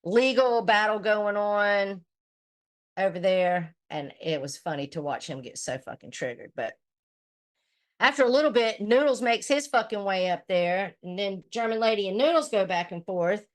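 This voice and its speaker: A woman's voice: medium pitch, lively intonation, normal speed. Profane, gossipy woman streamer. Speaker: livestream commentator. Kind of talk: casual livestream recap.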